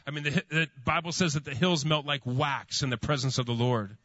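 A man's voice: on the high side, steady tone, a little fast, fairly bright tone, no echo. A man preaches a sermon, telling a long personal story full of fillers and restarts. His voice is dry and close. The sound is slightly muffled. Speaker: pastor.

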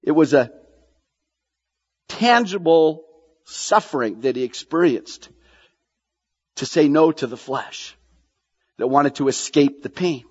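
Animated preaching man in a reverberant hall. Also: fairly high pitch, takes it slowly, pauses often, slightly rough. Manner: animated preaching, repeats lines for emphasis, asks the congregation questions. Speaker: pastor. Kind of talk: sermon. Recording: dull sound, long hall reverb.

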